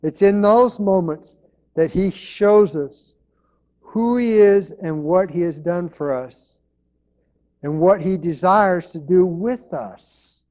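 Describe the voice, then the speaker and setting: A man's voice: high voice, slow pace, mellow, lo-fi sound. A man preaching a sermon as pastor, in an earnest manner, repeating his key phrases.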